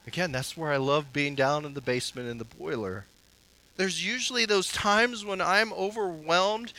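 Man, pastor, sermon, earnest, exhorting, repeats for emphasis, high voice, bright tone. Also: rough recording.

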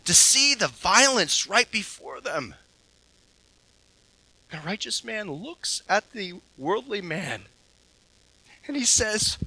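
Impassioned bright-voiced male preacher. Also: high-pitched, poor audio. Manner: impassioned, swinging from hushed to loud. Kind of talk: sermon.

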